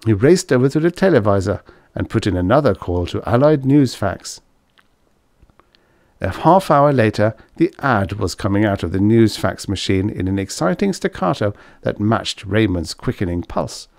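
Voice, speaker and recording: A man narrating a short story in an expressive storytelling manner. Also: fairly low pitch, moderate pace, vocal fry, no room sound, clean studio sound. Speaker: audiobook narrator. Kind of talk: scripted narration.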